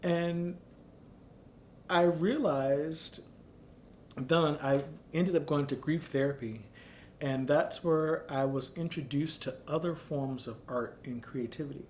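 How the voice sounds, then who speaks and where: A man in his thirties, founder of an arts center, telling a personal story in an earnest, reflective, measured way. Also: a little high, a little mellow, a little hiss or hum.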